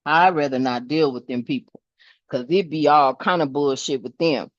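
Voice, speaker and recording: An older woman hosting a spiritual vlog speaks at normal speed in a deep voice, captured in a dry, muffled recording. Her casual talk is blunt and salty: she preaches, swears, and addresses her viewers as "family."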